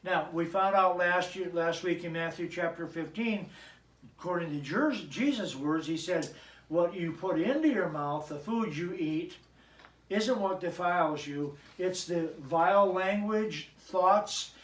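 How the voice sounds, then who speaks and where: Chatty pastor man with a high voice. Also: unhurried. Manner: joking, chatty asides to the congregation. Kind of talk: conversational sermon. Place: church sanctuary. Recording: echoey church, mic at a distance.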